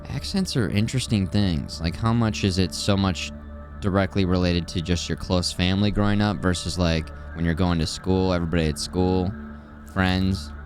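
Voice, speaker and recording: A man from Missouri streaming a video game live, chatting in a relaxed, playful way with viewers. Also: deep voice, moderate pace, faint music behind. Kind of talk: casual live gameplay commentary.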